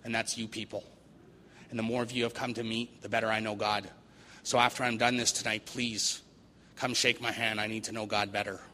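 A man gives an earnest recovery meeting talk and drives points home by repeating phrases. His voice is bright and forward. It rings with long reverb in a large hall, over a faint noise floor. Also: on the low side, level tone, fairly quick.

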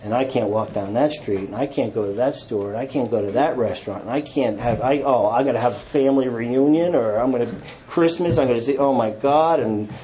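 A man telling his recovery story to an audience, acting out quotes with self-mocking humor and dropping to low, quiet tones in the hard parts. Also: fairly quick, slight background noise, low-quality recording. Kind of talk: personal testimony talk to an audience.

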